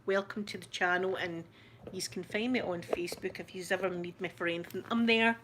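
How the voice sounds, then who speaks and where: A low-leaning, flat voice moves briskly as the Scottish ASMR channel host chats with viewers on her live stream, rambling and laughing frequently. Noise fills the background.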